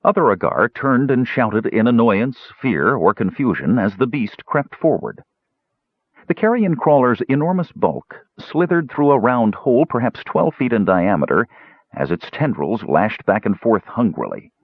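Husky man narrating an audiobook. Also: mid-range voice, very animated, a little slow, no echo, phone-quality sound.

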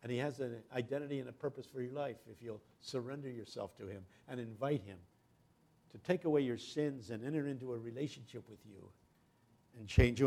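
An older man delivers a guest sermon, weaving in humorous stories and building to loud, impassioned climaxes. His voice is medium-pitched and gravelly.

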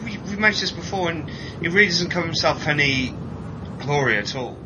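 A man co-hosting a podcast, animated and jokey, chatting about a TV episode and mimicking people in silly voices. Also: fairly quick. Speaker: podcast co-host. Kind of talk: casual chat reviewing a TV episode. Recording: muffled sound with clear vehicle rumble.

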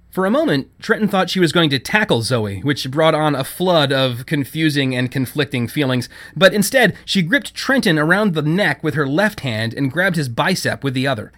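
Expressive male audiobook narrator. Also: fairly high pitch, normal speed. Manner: expressive storytelling.

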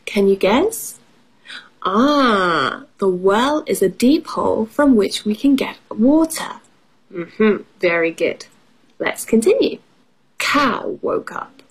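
A woman's voice: mid-range voice, breathy edge. A woman teaching English to children, reading a farm picture book aloud and asking the listeners questions. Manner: lively teacherly, asks children questions, puts on animal voices.

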